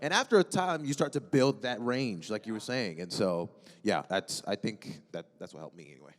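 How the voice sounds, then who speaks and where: A man's voice: fairly low pitch, lively intonation, moderate pace. A young man talking casually and friendly on a convention panel, often restarting his sentences. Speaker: voice actor panelist. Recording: long hall reverb.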